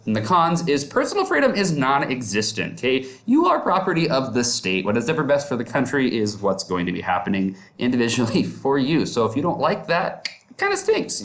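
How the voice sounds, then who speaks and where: Chill upbeat guy teaching a class, medium pitch, keeps saying okay?. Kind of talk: classroom lecture.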